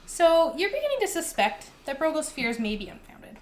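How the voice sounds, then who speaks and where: A woman's voice: sits high, wildly swooping pitch, moderate pace, a little hiss or hum. Young woman game master, casual and chatty. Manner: casual, full of fillers like "like". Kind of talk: narrating a tabletop game.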